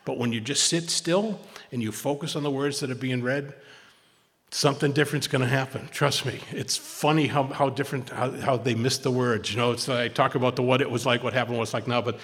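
A man's voice: medium pitch, fairly quick, a bit bright. A man speaking informally at a recovery meeting, rambling with many restarts and repeated words, and often slipping into other people's voices. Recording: long hall reverb.

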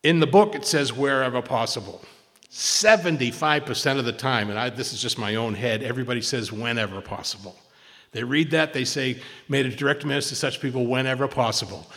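A man shares at a recovery meeting, rambling and restarting his sentences and repeating words as he goes. His voice sits at an ordinary middle pitch, and it rings with a long reverb from the hall he speaks in. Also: fast, creaky, few pauses, fairly bright tone. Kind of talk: informal talk at a recovery meeting.

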